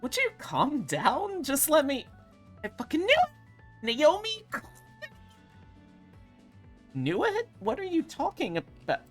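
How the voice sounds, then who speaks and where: A woman's voice: medium pitch, animated, measured pace, faint music behind, pitched above the performer's own voice. A woman voicing a flustered, newly transformed anthro furry protagonist in a visual novel, stammering and swearing in a panic.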